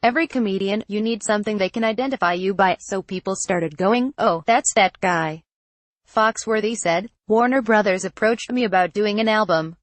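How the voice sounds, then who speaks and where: A woman's voice reading out a news article, photo credits and quoted punctuation included, in a flat read-out manner. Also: mid-range voice, moderate pace, dry recording. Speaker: news reader. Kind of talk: text-to-speech article reading.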